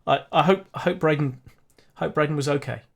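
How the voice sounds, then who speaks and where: A man's voice: a little high, fairly quick, gravelly. A man running a tabletop role-play game as game master, talking casually with many fillers and restarts.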